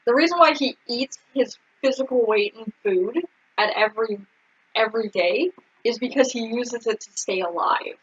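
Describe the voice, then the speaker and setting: Woman, high breathy voice, chatty recap chat, says like a lot, muffled lo-fi sound. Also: normal speed. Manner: chatty, leans on "like". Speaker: podcast co-host. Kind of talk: casual anime recap chat. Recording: dull lo-fi audio.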